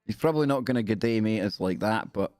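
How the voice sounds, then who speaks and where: A man's voice: on the low side, expressive, fast talker, darkish tone, dry recording, clean studio sound, faint music behind. A man hosting a livestream show, giving comic commentary on news stories with joking, rambling asides.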